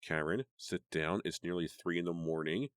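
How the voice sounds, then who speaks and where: A man voicing a calm, quiet teenage girl. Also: sits low, moderate pace, no room sound, clean studio sound, close to an everyday voice. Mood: soothing. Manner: quiet and steady.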